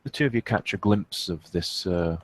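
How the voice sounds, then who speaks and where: A man's voice: deep voice, moderate pace, husky, dry recording. A man acting as storyteller for a tabletop role-playing game, narrating with hesitations as he searches for words.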